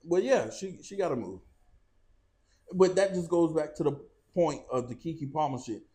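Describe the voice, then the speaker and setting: A man's voice: fairly high pitch, lively intonation, moderate pace, mellow. A man co-hosting a gossip talk show, blunt and casual, swearing freely. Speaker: co-host. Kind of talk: casual celebrity gossip chat.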